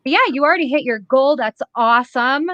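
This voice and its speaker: A woman's voice: high voice, brisk, highs cut off, a crowd in the background. A woman host with a Massachusetts accent, chatting enthusiastically in a casual interview and laughing often.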